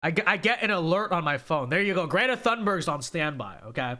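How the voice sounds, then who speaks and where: A man's voice: on the high side, lively intonation, a little fast, bright, forceful tone, a little hiss or hum. A young man from California hosting a casual livestream, reading viewer chat and answering it in an emphatic way, often tagging "okay?" onto his points.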